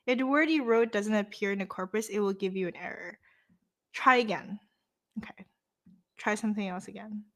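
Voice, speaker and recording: A woman's voice: mid-range voice, fairly bright tone. A young woman hosting a casual livestream lesson, reading course text aloud and chatting playfully with her viewers. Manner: playful, chatty, quick asides to chat. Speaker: host leading a live course walkthrough.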